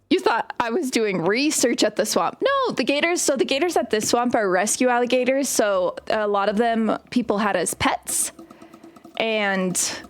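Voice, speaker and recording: A young woman chatting casually and telling stories while she plays a game on stream. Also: medium pitch. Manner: chatty, storytelling while playing. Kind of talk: casual gaming stream chat.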